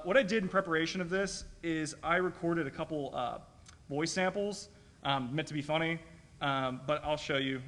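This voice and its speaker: A man presenting a live software demo to a room of video editors, talking quickly and casually and checking in with the audience. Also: fairly high pitch. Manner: quick and chatty, keeps asking "right?". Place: meeting room at a live user-group meet.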